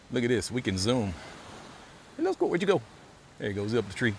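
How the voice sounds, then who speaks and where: A man live-streaming a relaxed walk outdoors by a beach, chatting casually and thanking viewers over and over. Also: a little high, quick pace, slight background noise. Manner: laid-back, thanks viewers for donations, repeats phrases. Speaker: live-streaming walking vlogger.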